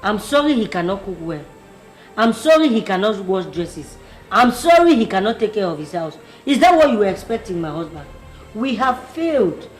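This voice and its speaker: Actress as resigned mother, sarcastic, lively pitch, roomy echo, faint music. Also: natural voice. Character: defensive, resigned middle-aged mother.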